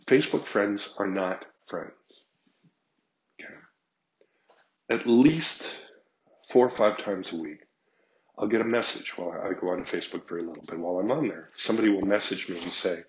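A man's voice: low-pitched, normal speed, highs cut off. An older man telling frank stories in a casual monologue, acting out both sides of conversations. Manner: frank, animated storytelling with acted quotes.

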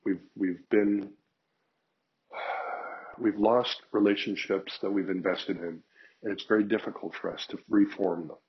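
A man's voice: lowish voice, unhurried, long pauses, highs cut off. An older man telling frank stories in a casual monologue, acting out both sides of conversations. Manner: frank, animated storytelling with acted quotes.

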